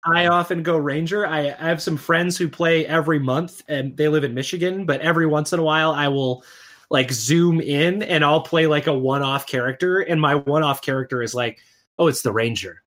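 A man's voice: a little high, a little fast, a bit bright. Chatty man explaining with lots of "like". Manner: enthusiastic, explains at length with many "like"s and "right?". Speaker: podcast co-host. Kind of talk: casual chat about comics and games.

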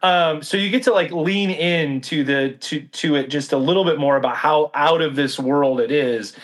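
A man's voice: fairly high pitch, normal speed. A man co-hosting a casual book discussion, talking thoughtfully, hunting for the right word and often checking in with "right?". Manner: thoughtful, searching for words, frequent "right?" checks.

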